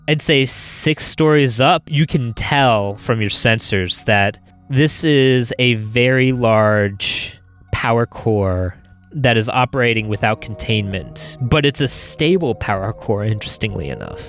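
A man narrating as game master of a tabletop role-playing game in a measured, descriptive way. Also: medium pitch, expressive, fairly bright tone, soft background music.

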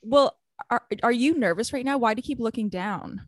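A woman's voice: on the high side, no echo, studio quality. A woman hosting a casual podcast, teasing and bossy with her guest. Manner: teasing, bossy, quick-witted. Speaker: podcast host.

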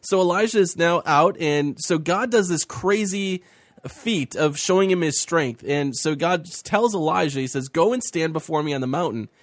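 A man's voice: a little high, normal speed, no echo, clean studio sound. Man teaching Bible stories with feeling. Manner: animated, acting out the biblical speakers' lines. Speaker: co-host of a faith talk show.

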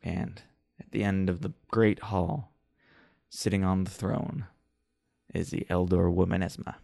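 A man's voice: deep voice, steady tone, measured pace, gravelly, warm tone, no echo. A man narrating as game master of a tabletop role-playing game, describing scenes in a dry, descriptive way.

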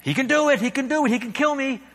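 A preacher voicing a small demon lizard that chatters and coaxes in a high voice. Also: male voice, quick pace, fairly bright tone. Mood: wheedling. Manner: chattering, coaxing. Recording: echoey hall.

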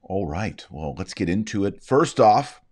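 Casting: Texan man, very deep voice, mouth numb from dental work, relaxed slurred drawl. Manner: slightly slurred, slow drawl. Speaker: Catholic commentary host. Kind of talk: casual commentary.

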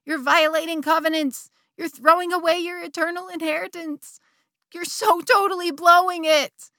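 A woman voicing the shrill, scolding inner conscience of a churchgoing wife, frantic and high. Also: steady tone, moderate pace, sharp tone, no room sound, clean studio sound, exaggerated voice.

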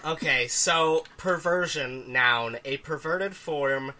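A man's voice: on the high side, slow, bright, forceful tone, slight background noise. A man co-hosting a podcast, trading dry, teasing banter in casual comedic chat. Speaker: podcast co-host.

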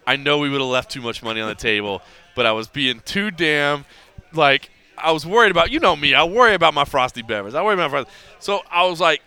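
A man's voice: mid-range voice, fast talker, bright, forceful tone, clear, resonant tone. A man hosting a podcast, telling a story in casual chat and acting out the dialogue with lots of energy. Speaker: podcast host.

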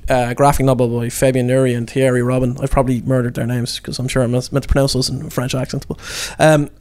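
A man talking casually on a film podcast, chatty and quick to laugh. His pitch sits mid-range for a man, and he often restarts his sentences as he thinks aloud. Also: darkish tone. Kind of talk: casual chat.

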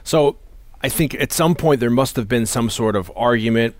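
A man co-hosting a casual talk show, discussing a film in an animated way, cursing and acting out lines of dialogue. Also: mid-range voice, moderate pace, dry recording. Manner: animated, swearing, acts out quotes. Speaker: podcast co-host.

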